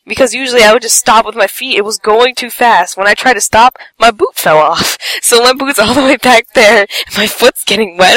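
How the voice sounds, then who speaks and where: A woman's voice: mid-range voice, normal speed, dry recording, poor audio. A woman telling a funny personal story in a casual way, giggling often and acting out what people said. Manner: animated, acts out quotes with squeals and shouts; giggles between lines. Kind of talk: casual anecdote.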